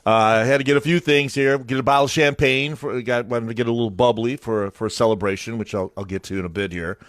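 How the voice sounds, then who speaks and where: A male radio host chatting casually on a morning show and telling a story with lively acted-out voices. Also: medium pitch, quick pace, no room sound, studio quality. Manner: animated storytelling, acts out voices.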